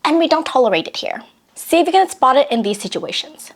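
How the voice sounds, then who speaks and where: A woman's voice: high-pitched, very animated, fast talker. A young woman hosting a mukbang vlog, giving earnest, conversational relationship advice and acting out quoted lines. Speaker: vlogger and host.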